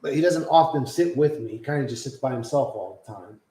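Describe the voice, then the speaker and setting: A man streaming live, chatting loosely with lots of swearing and cooing softly to his pet. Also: mid-range voice, expressive, fairly quick, roomy sound, poor audio. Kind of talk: casual live-stream chat.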